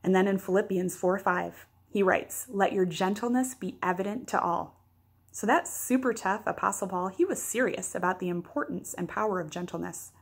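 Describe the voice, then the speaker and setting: A woman's voice: medium pitch, moderate pace, slightly rough. A woman pastor giving a daily devotional, teaching earnestly with playful asides.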